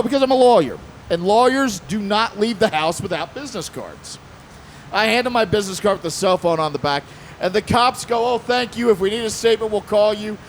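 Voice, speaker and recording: A man telling a story on a convention panel in a casual, animated way, acting out the quotes and laughing often. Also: sits high, a little hiss or hum.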